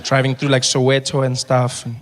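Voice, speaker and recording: A man with a South African accent performing stand-up comedy, telling stories with animated bursts and low asides. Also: brisk, background noise. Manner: animated storytelling, switching between high excited bursts and low asides.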